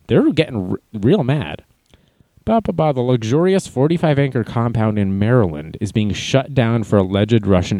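A man's voice: mid-range voice, warm tone, no echo. A man hosting a casual livestream, reading chat messages and news aloud with sarcastic, mocking asides. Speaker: livestream host.

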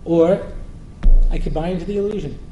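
Rabbi lecturing in an echoing hall. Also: male voice, on the high side, brisk, warm tone, soft background music. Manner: joking, asks the listeners questions again and again. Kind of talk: humorous Torah lecture to an audience. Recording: roomy hall with faint noise.

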